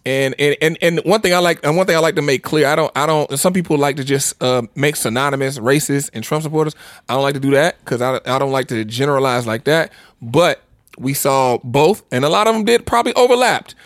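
A man co-hosts a casual podcast and tells stories with animated energy. He laughs easily and restarts his sentences often. His voice sits a little high, and the sound is dry and close. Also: a little fast, no echo. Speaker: podcast co-host.

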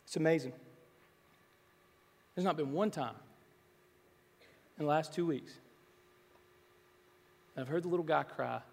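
A male pastor with a high, light voice delivers a sermon, moving from relaxed storytelling into swelling, emphatic appeals. His words ring out with the long reverb of a large church hall. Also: a little slow, vocal fry, pauses often. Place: church sanctuary.

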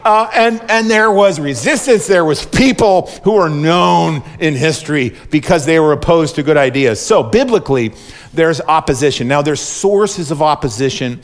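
A male pastor delivers a sermon with a voice pitched a little above the usual for a man. He drives his points home through repetition and keeps asking the congregation to respond. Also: expressive, moderate pace. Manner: emphatic, repetitive preaching that calls for audience responses.

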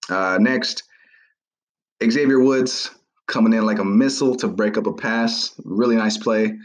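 A man's voice: fairly low pitch, unhurried. A man hosting a sports podcast, talking through a preseason game recap in a casual, rambling way with many fillers and restarts. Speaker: podcast host.

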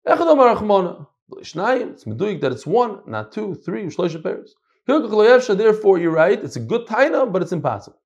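A middle-aged man teaching a casual Talmud class, animated and swinging between loud and soft. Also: high-pitched, brisk, lo-fi sound.

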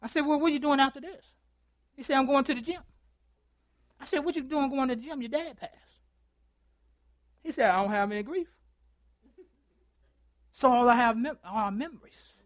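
A male pastor with a high, light voice delivers a sermon in church, recorded with a dry, close sound and little room echo. He tells a story, acting out both sides of a phone call, swinging from loud to a hush and drawing out his phrases. Along the way he calls for answers from his listeners.

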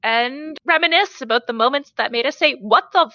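A woman's voice: high-pitched, moderate pace, pushed and bright, no room sound, muffled recording. A woman co-hosting a casual podcast, telling stories in a chatty, wry way. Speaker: podcast co-host.

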